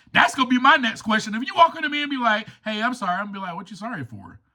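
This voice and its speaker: A man's voice: very high voice, fairly quick. A man hosting a recovery podcast, talking in an emphatic, preachy monologue and acting out quoted voices. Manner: animated, acts out quoted voices. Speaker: podcast host.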